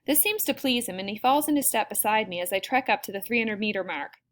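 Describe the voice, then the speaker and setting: A woman narrating a first-person novel as an audiobook, in an expressive way. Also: mid-range voice, fast talker.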